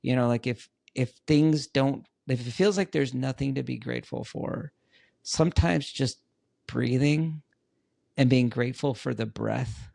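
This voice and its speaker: A middle-aged man talks as a podcast guest, with a gravelly, creaky edge to his voice. He tells his stories earnestly and repeats words for emphasis. The sound is dry and close. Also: medium pitch, unhurried, a little mellow, no room sound. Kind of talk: casual interview chat.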